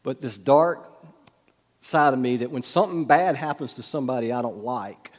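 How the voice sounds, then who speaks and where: Folksy pastor in a reverberant hall. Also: male voice, mid-range voice, normal speed. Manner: folksy storytelling, humorous asides, drops to a soft hush. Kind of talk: sermon.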